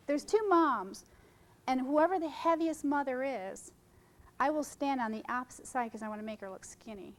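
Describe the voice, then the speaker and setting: A woman's voice: high voice, moderate pace, poor audio. Chatty woman teaching wedding photography. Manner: chatty, jumps between topics, jokes with audience. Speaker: wedding photographer giving a seminar. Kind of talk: informal seminar talk to photographers. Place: conference room.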